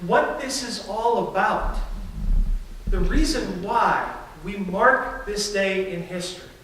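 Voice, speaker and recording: A man delivers a sermon, animated and storytelling, now and then slipping into the voices of the people in the story. His voice sits high for a man. The sound is distant and washed in heavy church reverb, with faint room noise underneath. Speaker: pastor. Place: large church sanctuary. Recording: echoey church from far off.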